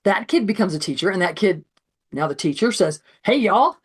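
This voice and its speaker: A woman presenting a math education webinar with a sore throat, animated and acting out classroom scenes. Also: on the low side, a little fast, slightly rough.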